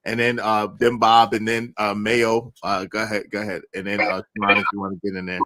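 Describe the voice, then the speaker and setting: A man moderating a live panel, calmly telling people to hold on and who speaks next. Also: on the low side, fairly quick, no echo.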